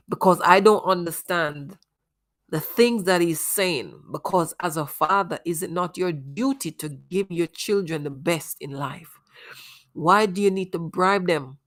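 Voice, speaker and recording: A woman hosts a commentary on a case, speaking straight to parents in an earnest, moralizing way. Her voice sits low, and she talks at a slow, deliberate pace. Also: fairly bright tone. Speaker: host.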